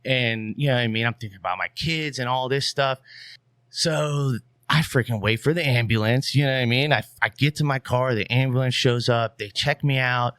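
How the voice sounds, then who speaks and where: A man in his young adult years tells a story in loose, animated conversation, leaning on fillers as he goes. His voice sits at an ordinary middle pitch. The sound is dry and close, with no room echo. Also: moderate pace. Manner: rambling, animated, many fillers. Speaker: podcast guest. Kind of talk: casual storytelling.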